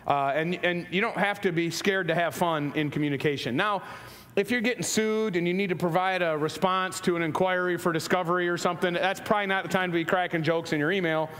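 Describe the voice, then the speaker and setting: A leadership speaker with a high-pitched, fairly bright voice gives a humorous motivational talk to a live audience, playfully joking and asking the crowd questions. Long hall reverb and faint ambience fill the recording.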